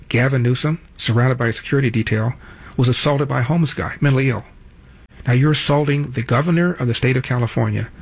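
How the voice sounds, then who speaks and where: Gravelly and medium-pitched with a breathy edge, this man in his 70s hosts a talk show. In the studio he gives a blunt, opinionated monologue and hammers his points home by repeating them.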